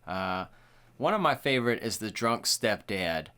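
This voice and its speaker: A man's voice: lowish voice, unhurried, smooth. A young man co-hosting a podcast, talking casually and profanely, acting out quotes. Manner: animated, profane, acts out quoted lines. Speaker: podcast co-host. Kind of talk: casual chat.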